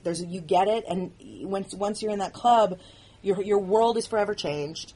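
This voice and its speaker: Woman, show writer-producer, commentary track; low, husky voice; candid, halting. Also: a little mellow. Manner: earnest, halting, frequent restarts.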